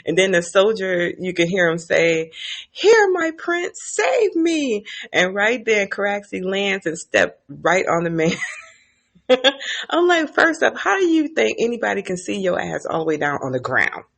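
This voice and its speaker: Woman, casual TV recap, chatty, profane, gravelly voice, mid pitch. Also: big pitch swings, normal speed, fairly bright tone. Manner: chatty, profane, laughs through the retelling. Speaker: TV recap vlogger.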